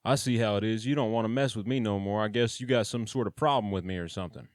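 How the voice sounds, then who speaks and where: A man's voice: fairly low pitch, quick pace, no echo, studio quality, pitched above the performer's own voice, close to an everyday voice. A man voicing a touchy male fellow inmate who sulks and pleads in a whiny voice. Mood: sulking.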